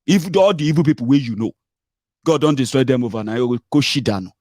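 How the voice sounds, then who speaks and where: A man's voice: medium pitch, animated, quick pace, darkish tone, no echo, studio quality. A Nigerian man with a Nigerian accent, mixing in Pidgin and Yoruba, giving an emphatic, mocking political monologue full of rhetorical questions. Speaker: political commentator.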